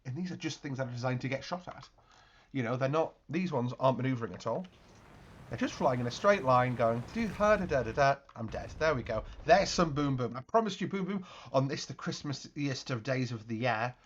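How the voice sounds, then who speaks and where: A man hosting his channel, giving chatty, excitable gameplay commentary with mouth-made explosion noises. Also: medium pitch, a little fast, slightly rough, lo-fi sound. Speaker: video game channel host.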